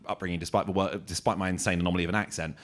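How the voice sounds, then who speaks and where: A man's voice: low voice, fairly even intonation, racing, fairly bright tone. A man from England, a comedian co-hosting a live podcast, telling self-deprecating anecdotes and acting out the people in them. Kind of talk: live podcast storytelling chat. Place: small comedy venue with live audience.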